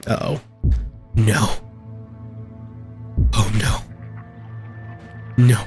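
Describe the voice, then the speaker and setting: A man reads a horror game's text at an unhurried pace, with quiet reactions between passages. His pitch sits in the middle and barely moves. Game music is clearly heard behind him. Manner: slow, flat narration with quiet reactions. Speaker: gameplay video host. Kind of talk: reading a horror game aloud.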